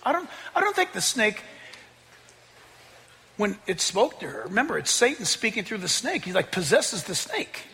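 A man preaching with a high, bright voice that swoops up and down and turns gravelly at the edges. He talks conversationally and slips in jokes. A long reverb trails his words over faint music. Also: moderate pace, a little hiss or hum. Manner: animated, conversational, joking asides. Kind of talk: sermon.

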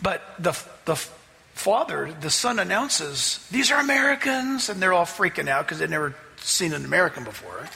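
A man preaching a sermon as pastor, telling a story in an animated way and acting out the people he quotes. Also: on the high side, moderate pace, creaky, in a large hall. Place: church.

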